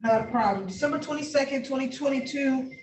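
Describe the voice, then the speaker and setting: A woman's voice: high voice, fast talker, darkish tone. A woman working as court clerk, reading out dates and locations in a businesslike way. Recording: roomy, distant mic with faint noise.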